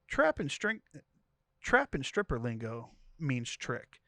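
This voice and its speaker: A man co-hosting a podcast, retelling a wild story in an animated, comedic way. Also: mid-range voice, slow, no echo, studio quality. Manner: animated storytelling, voicing each character. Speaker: podcast co-host. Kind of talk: comedic dramatic reading of a story.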